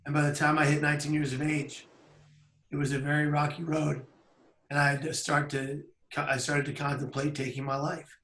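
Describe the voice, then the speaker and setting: A man in his thirties telling a personal story on camera in an earnest, measured way with pauses. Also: fairly high pitch, flat delivery, fairly bright tone, echoey room. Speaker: public speaker. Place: outdoors by a bridge.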